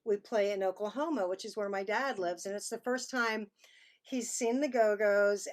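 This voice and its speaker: Speaking in a mid-range voice at normal speed, a woman from Texas who is both musician and author reads her memoir aloud on a video call. Her accent is Texan and her manner chatty and reflective.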